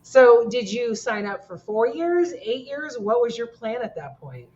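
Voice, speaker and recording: Slow, lively-voiced woman interviewer. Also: fairly high pitch, muffled recording. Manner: responsive, laughs often, short encouraging replies. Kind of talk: conversational interview.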